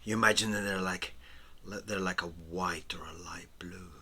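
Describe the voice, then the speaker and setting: Art teacher, male, lowish sharp voice, gentle and encouraging, slips into whispers. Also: steady tone, unhurried, breathy edge. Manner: soft-spoken, often drops to a whisper; playful, encouraging. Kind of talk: relaxed drawing tutorial.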